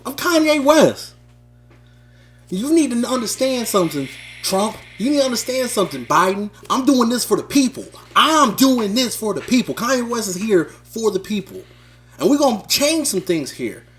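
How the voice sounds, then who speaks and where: A man's voice: very high-pitched, big pitch swings, moderate pace, faint music behind, full character voice. A man doing a boastful rapper candidate promo. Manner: boastful, self-referencing, rising to shouts. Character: male rapper running for president, boastful. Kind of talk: improvised wrestling-style promo.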